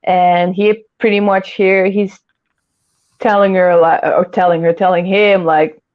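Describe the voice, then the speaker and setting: Slow, giggly woman hosting a chat. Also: on the low side, little pitch movement, highs cut off. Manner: giggly, rambling. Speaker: host. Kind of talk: casual livestream chat.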